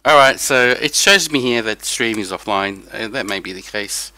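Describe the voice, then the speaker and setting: A man's voice: on the low side, lively intonation, normal speed, pushed and bright, dry recording, low-quality recording. A tired young man chatting casually to viewers on a live stream, rambling about his race. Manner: rambling, talks to chat viewers. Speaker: sim racing streamer.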